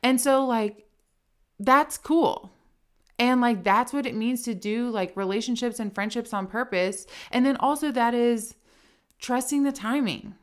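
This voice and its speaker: A woman's voice: fairly high pitch, a little slow. A woman co-hosting a casual podcast from a home kitchen, talking in a chatty, enthusiastic way. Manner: enthusiastic, warm-hearted, chatty with many "like"s. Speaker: podcast co-host. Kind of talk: casual conversational podcast chat.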